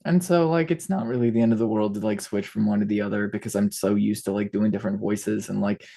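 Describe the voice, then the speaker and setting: A woman's voice: rumbling low, steady tone, fast, creaky, warm tone. A woman guest on a podcast, chatting casually and rambling with constant "like" fillers in a playful way. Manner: playful, switches between voices. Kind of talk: casual interview chat.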